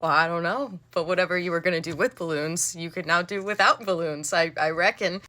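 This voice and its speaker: A woman's voice: on the low side, steady tone, a little fast, bright, forceful tone, no room sound. A woman telling comedic storytimes about working as a store cashier, with a sarcastic, exasperated delivery.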